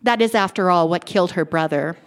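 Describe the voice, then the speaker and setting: A woman reading the lines of a scheming female killer who talks in a calm, falsely kind way. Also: on the low side, brisk, heavy background noise, pitched below the performer's own voice, natural voice. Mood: cold, calm.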